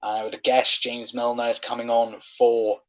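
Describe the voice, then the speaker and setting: A young man calls a football match live for his watchalong audience, talking like a fan rather than a broadcaster. He chats through the play and gets worked up and swears when a decision goes against his side. His voice sits at an ordinary pitch and comes through a slightly dull, lo-fi home recording. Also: normal speed. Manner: excitable, swears when frustrated, chatty fan commentary.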